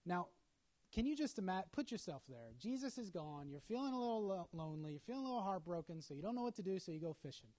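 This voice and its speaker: High-voiced, animated male preacher. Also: fast. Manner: animated, dramatic storytelling with acted asides. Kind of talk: sermon.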